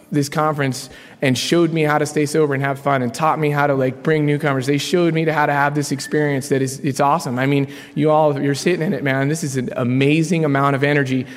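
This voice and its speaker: A man in his thirties speaks from a podium in a large hall, telling his personal story in a loose, slangy, animated way. His voice sits a little high for a man, and a long reverb trails each phrase. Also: brisk. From Colorado. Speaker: speaker sharing his story at a recovery meeting. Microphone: podium mic.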